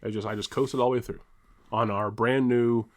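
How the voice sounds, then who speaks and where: A man's voice: medium pitch, fairly even intonation, brisk. Rambling, laughing man telling a story. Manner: rambling, self-interrupting, laughs and swears while telling a story. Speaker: podcast co-host. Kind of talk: casual storytelling chat.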